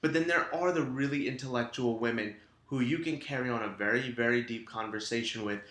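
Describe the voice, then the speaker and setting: A man's voice: medium pitch, a little fast, fairly bright tone, reverberant. A man co-hosting a casual podcast, giving frank, crude dating advice with emphasis. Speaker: podcast co-host. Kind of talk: casual chat.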